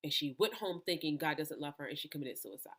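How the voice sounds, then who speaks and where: Woman minister hosting her own talk, lower voice, emphatic, preachy delivery with restarts. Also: animated, quick pace, a bit bright, slightly rough. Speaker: minister and host. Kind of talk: impassioned personal talk to camera.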